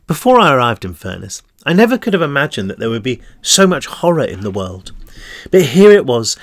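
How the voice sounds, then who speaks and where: Man, tired, author reading his own book aloud, first-person storytelling, quiet and steady, dry close sound. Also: medium pitch, no echo. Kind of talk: first-person audiobook narration.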